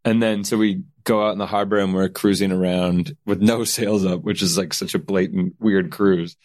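A man's voice: deep voice, steady tone, normal speed, a little mellow. A young man from Canada, a guest telling a story in casual chat and acting out the lines people said.

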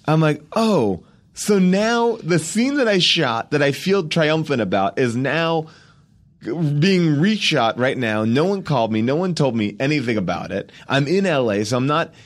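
A man's voice: fairly high pitch, measured pace. A middle-aged man, a podcast guest, telling a comic anecdote in casual chat and acting out the people he quotes. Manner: animated storyteller, acts out quoted people in shifting voices.

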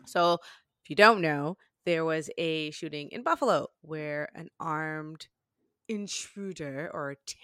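A woman's voice: deep voice, unhurried, pushed and bright, dry recording, clean studio sound. A woman hosting a podcast in a casual, upbeat way, often restarting her sentences. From Canada. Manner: upbeat and chatty, with frequent restarts. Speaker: podcast host.

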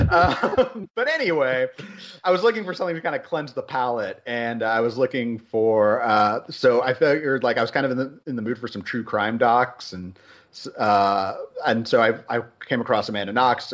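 A man hosting a podcast in a casual, rambling chat, animated and full of fillers. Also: mid-range voice, muffled recording. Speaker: podcast host.

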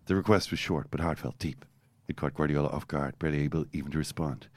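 A man hosting a podcast, telling a football story with animated, storytelling energy and reading quotes aloud. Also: a bass voice, fast talker, no echo. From Ireland. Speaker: podcast host. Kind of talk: casual football chat.

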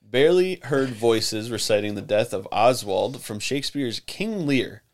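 A man co-hosting a podcast in casual chat, joking with quick asides. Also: mid-range voice, lively intonation. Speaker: podcast co-host.

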